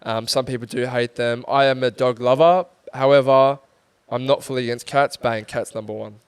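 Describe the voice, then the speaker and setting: A man's voice: mid-range voice, flat delivery, normal speed, smooth, no echo. A young man, co-hosting a podcast in easygoing, joking casual chat. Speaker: podcast co-host.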